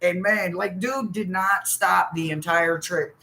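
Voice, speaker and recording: A woman's voice: fairly low pitch, steady tone, unhurried, gravelly, bright, forceful tone, slight background noise, rough recording. A woman hosting a live stream, telling stories in casual, profane chat and laughing often.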